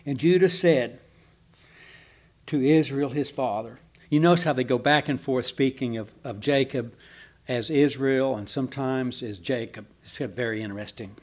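A man's voice: medium pitch, normal speed, darkish tone. A man preaching a sermon, reading scripture aloud and stopping for casual asides. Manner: reads scripture aloud, breaking off for conversational asides.

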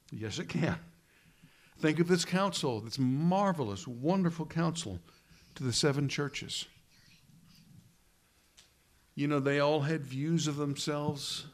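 A man preaching a sermon, earnest and emphatic, with dramatic pauses and quoted lines dropped low and hushed.

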